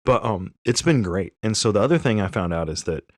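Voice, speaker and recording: A man in his thirties chatting on a podcast, telling an animated, rambling story and correcting himself as he goes. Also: fairly low pitch, a little fast, no echo, clean studio sound. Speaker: podcast co-host. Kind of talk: casual chat.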